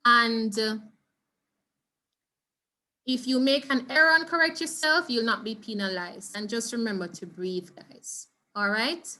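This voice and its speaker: A woman's voice: on the high side, a little slow, long pauses, bright, forceful tone. A Jamaican woman teaching an online Spanish exam revision lesson, patient and instructive, often checking in with her class. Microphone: video call.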